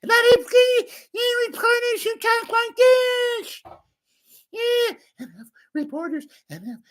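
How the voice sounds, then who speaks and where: A man's voice: very high voice, slow pace, a bit bright, voice pushed up, exaggerated voice. A man putting on a mocking, exaggerated imitation of a male TV news reporter. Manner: sneering, exaggerated.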